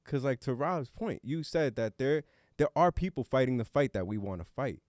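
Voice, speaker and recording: Animated and darkish in tone, this podcast co-host speaks at normal speed and medium pitch. He's an adult with a young son, talking earnestly and reflectively at a casual roundtable with the odd casual swear, recorded in studio quality with no echo.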